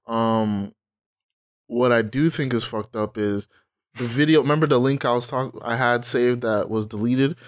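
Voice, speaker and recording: A man co-hosting a casual podcast chat, animated, sarcastic and profane. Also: mid-range voice, measured pace. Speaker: podcast co-host.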